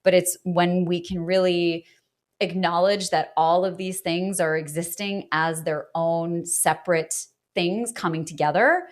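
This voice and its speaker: A woman's voice: fairly low pitch, unhurried. Chatty woman podcast host. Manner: animated, rising into laughter, chatty with fillers. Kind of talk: casual interview chat.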